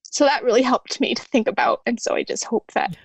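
Earnest, soft-spoken woman guest. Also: on the high side, creaky, husky, dry recording. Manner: soft-spoken and earnest, reads a friend's letter aloud slowly. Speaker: podcast guest. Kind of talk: heartfelt interview talk.

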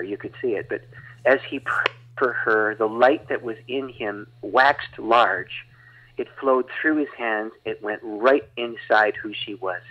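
Husky male guest evangelist, animated testimony storyteller, muffled lo-fi audio. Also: fairly low pitch. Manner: animated, dramatic retelling with laughs. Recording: dull lo-fi audio.

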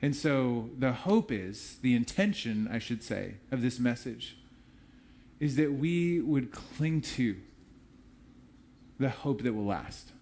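A man's voice: medium pitch, lively intonation, slow, a little mellow, slight background noise. A man preaching a sermon as pastor, in a conversational, storytelling way with casual asides.

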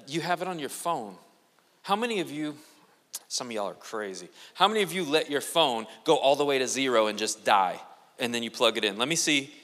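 A man preaching a sermon as a guest pastor, animated and quick to joke with the congregation. His voice sits a little high and rings bright and forceful. It trails off into the long reverb of a large church hall. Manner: animated and joking, with playful asides to the congregation. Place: church sanctuary.

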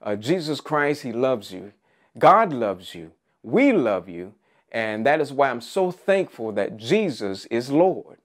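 A man's voice: medium pitch, very animated, slow. A man preaching an Easter sermon, emphatic, with rising repeated phrases and frequent "uh" fillers.

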